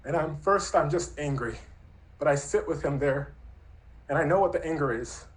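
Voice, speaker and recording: A man in his thirties telling a true personal story in an earnest, reflective, softly spoken way. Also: a little high, moderate pace, low-quality recording.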